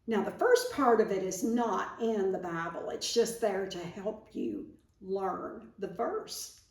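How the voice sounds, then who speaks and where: Slow, playful woman teaching children. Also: mid-range voice, darkish tone. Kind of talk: children's Bible lesson. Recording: echoey room, mic at a distance.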